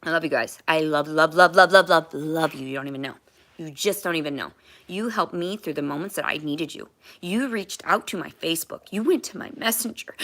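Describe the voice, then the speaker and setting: A woman's voice: low-pitched, a little fast, fairly bright tone. A woman chatting on a livestream in a rambling, emotional way, with casual swearing.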